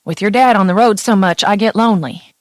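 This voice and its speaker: A woman's voice: mid-range voice, fairly quick, dry recording, studio quality, voice pushed up, natural voice. A woman voicing a chatty middle-aged Southern mother with a Tennessee accent who dotes on her daughter over the phone. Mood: wistful. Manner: doting, homespun, calls her daughter honey.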